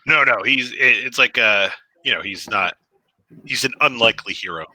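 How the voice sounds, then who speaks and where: A man's voice: mid-range voice, sharp tone. A man with a New Jersey accent co-hosting a casual comedy chat, telling stories between laughs. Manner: laughing storyteller, quick asides. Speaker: co-host.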